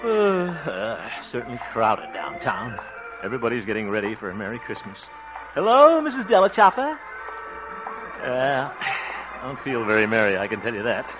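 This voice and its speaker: A man's voice: mid-range voice, big pitch swings, normal speed, over music, lightly acted. An actor playing a boastful, easily flustered small-town man who sputters and grumbles asides, in a 1940s radio sitcom. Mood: grumbling. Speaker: lead of the show. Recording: dull old radio recording, loud hiss.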